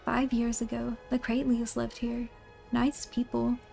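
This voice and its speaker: A woman voicing a boastful male thief who talks in rough, folksy slang. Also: on the high side, completely flat delivery, a little slow, dark tone, faint music behind. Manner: ungrammatical folksy thief talk.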